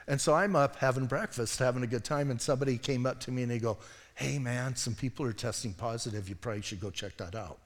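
Animated storytelling pastor in a reverberant hall. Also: male voice, medium pitch, fast talker. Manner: animated, self-deprecating storytelling with sudden quiet asides. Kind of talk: sermon. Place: church sanctuary.

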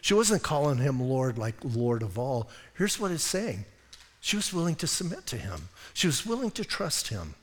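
A man preaching a sermon as pastor, lively and acting out voices from the story. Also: mid-range voice, normal speed, long reverb tail. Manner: animated, acts out voices of people in the story. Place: church hall.

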